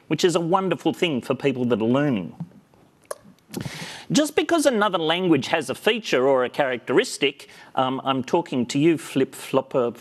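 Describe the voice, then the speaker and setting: A man giving a playful lightning talk on a conference stage, joking and getting the crowd to call back. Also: on the high side. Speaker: conference speaker.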